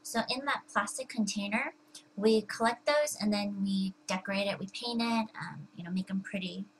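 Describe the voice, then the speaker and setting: A woman's voice: mid-range voice, moderate pace, a little hiss or hum, low-quality recording. A young woman talking casually to the camera at home, chatty and full of fillers and restarts. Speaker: vlogger.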